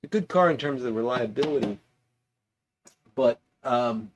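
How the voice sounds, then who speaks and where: A man's voice: medium pitch, moderate pace, background noise. Chatty man hosting a livestream. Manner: chatty, reads viewer comments aloud with asides. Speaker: livestream host. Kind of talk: casual livestream chat.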